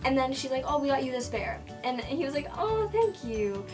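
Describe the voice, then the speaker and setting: Teen girl vlogging, gushing storytime, bit high, mic kinda far, music playing. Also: flat delivery. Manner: rapid and breathless, full of "like", retelling dialogue. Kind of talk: excited storytime vlog.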